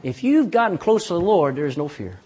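Husky-voiced man preaching a folksy sermon. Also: fairly high pitch, sing-song, brisk, darkish tone. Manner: folksy, emphatic preaching with asides to the congregation. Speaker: pastor. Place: church.

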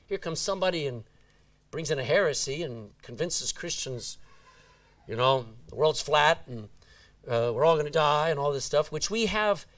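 A man's voice: on the high side, normal speed, a bit bright. A man preaching a sermon, reading scripture aloud and asking the congregation "Amen?".

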